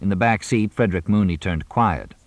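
A man narrating an audiobook with an expressive reading. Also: low voice, brisk, no room sound. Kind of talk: scripted narration.

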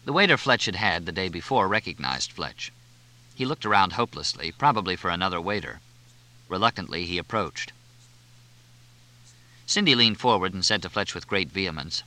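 A man's voice: sits low, expressive, moderate pace, long pauses, pushed and bright, poor audio. A man reading a novel aloud as narrator, expressively. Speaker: audiobook narrator. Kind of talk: scripted narration.

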